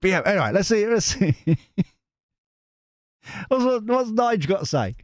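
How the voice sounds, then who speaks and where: A man's voice: sits high, sing-song, measured pace, dry recording, clean studio sound. A man hosting a casual tarot live stream, chatty and giggly with lots of restarts.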